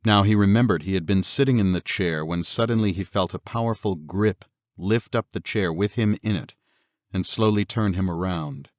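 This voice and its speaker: A man narrating a horror audiobook in a measured, steady storytelling manner. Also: low voice, no room sound.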